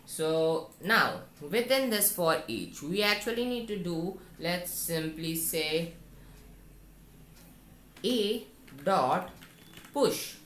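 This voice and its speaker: A man teaching a coding tutorial, talking slowly and step by step through what he types. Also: high voice, lively intonation, a bit bright, roomy sound, slight background noise. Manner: slow and instructive, talks through each step. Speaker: programming tutor. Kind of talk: screen-recorded coding tutorial.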